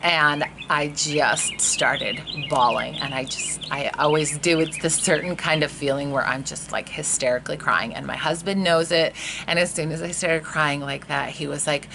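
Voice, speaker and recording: A woman's voice: low-pitched, fairly even intonation, moderate pace, gravelly, noisy background. A woman in her thirties candidly telling the emotional story of a birth, casual and full of fillers. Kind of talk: personal storytelling.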